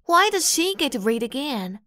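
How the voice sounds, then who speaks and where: A woman voicing a spoiled, catty teenage schoolgirl with a high-pitched, whining voice in an audiobook. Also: very animated, moderate pace, pushed and bright, exaggerated voice. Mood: whiny. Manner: whining, venomous. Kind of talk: audiobook character voice.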